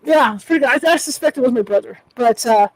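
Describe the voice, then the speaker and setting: Chatty woman host, fast and high-pitched, restarts a lot in casual interview talk. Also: no room sound, rough recording. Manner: chatty, frequent word repeats and restarts. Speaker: podcast host.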